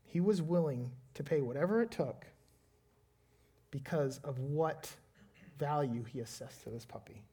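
Speaking at a fairly high pitch with a slightly rough edge, a man preaches as a pastor; he's father to a young child and moves from a lively story about himself into earnest prayer.

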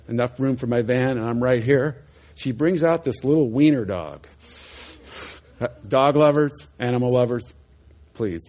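Animated man telling a sermon story. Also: mid-range voice, dull audio. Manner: animated, chuckling storyteller, voices the people in his story. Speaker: preacher telling a testimony.

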